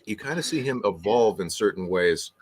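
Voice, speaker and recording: A man's voice: fairly low pitch, expressive, normal speed, slightly rough. A man chatting casually as a panelist in a review discussion, easygoing and thinking aloud.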